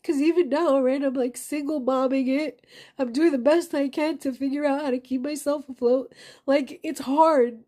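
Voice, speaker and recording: A woman's voice: sits high, fairly even intonation, moderate pace, warm tone. A woman in a confessional vlog monologue, talking in a raw, emotional way, full of anger and swearing. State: angry. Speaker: vlogger.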